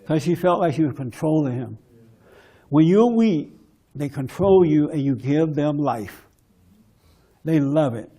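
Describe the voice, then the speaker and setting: A man giving a forceful, preachy testimony talk at a men's conference. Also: a little high, expressive, a little slow, long pauses. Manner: preachy, forceful, mimics others in quoted bits.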